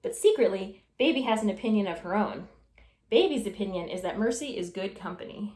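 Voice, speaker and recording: A woman reading a children's storybook aloud with expressive, animated storytelling. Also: medium pitch, a little fast. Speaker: storytime reader. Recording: echoey room.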